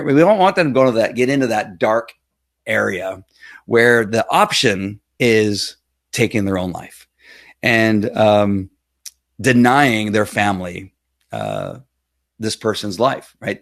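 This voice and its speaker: A man's voice: fairly low pitch, no room sound, clean studio sound. A middle-aged man hosting a casual livestream, talking in an earnest, rambling way with many fillers and restarts. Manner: earnest and emotional. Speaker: livestream host.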